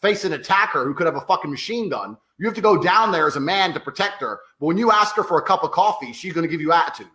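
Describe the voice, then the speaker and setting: A brash, emphatic man holds forth as a podcast guest, his voice sitting a little high for a man. He swears freely and hammers his points home. The recording has a roomy echo around it. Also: animated, quick pace, few pauses, sharp tone. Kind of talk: blunt podcast talk.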